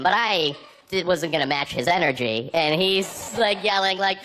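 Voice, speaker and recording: A man's voice: sits high, moderate pace, over loud music. A man doing a stand-up comedy set, telling rambling anecdotes full of "like" fillers. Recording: noisy live recording with clicks.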